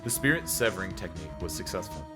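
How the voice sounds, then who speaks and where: A man doing a hushed, formal older woman. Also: low voice, lively intonation, fast talker, loud music behind the voice, voice pushed down. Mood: solemn. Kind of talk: reading game dialogue aloud.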